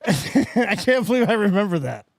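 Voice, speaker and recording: Animated, profane man telling stories. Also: high-pitched, normal speed, vocal fry, crowd noise. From Las Vegas. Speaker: podcast host. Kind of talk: casual chat.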